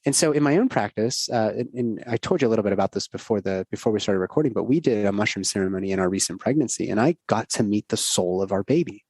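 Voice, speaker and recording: A man's voice: on the low side, lively intonation, fast talker, hardly any pauses, darkish tone, husky, no room sound. A middle-aged man, a doctor guesting on a podcast, telling a personal story in an earnest, rambling, casual way.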